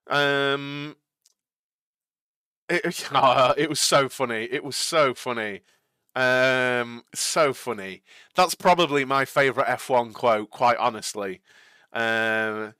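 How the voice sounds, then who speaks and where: A man's voice: mid-range voice, bright, forceful tone, smooth, no room sound, studio quality. A young man hosting a live watch-along stream, chatting casually with viewers. He rambles and repeats himself, and he laughs easily.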